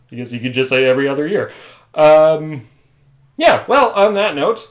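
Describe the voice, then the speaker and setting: A man's voice: a little high, big pitch swings, normal speed. A man hosting a casual solo podcast from a room at home, rambling and self-deprecating. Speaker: podcast host.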